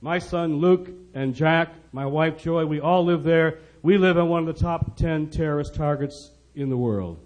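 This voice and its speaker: A middle-aged man preaching an impassioned sermon, pressing his points with repetition and loud emphasis. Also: fairly high pitch, moderate pace, few pauses. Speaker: preacher speaking on poverty. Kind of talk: sermon-style speech.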